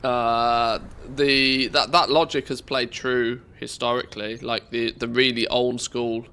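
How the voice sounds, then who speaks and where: A man's voice: mid-range voice, level tone, measured pace, pushed and bright, clear, resonant tone. Congested man streamer chatting casually. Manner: rambling, many fillers and restarts. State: congested from a cold. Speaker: game streamer. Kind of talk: casual live-stream chat.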